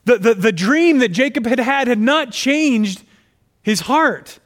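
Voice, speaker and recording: Guy preaching, pretty high voice, reads the bible passage then leans in hard on his points. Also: lively intonation, slow, pauses often, a bit bright. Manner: reads scripture aloud, then presses points with rising emphasis; addresses listeners as friends. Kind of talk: sermon.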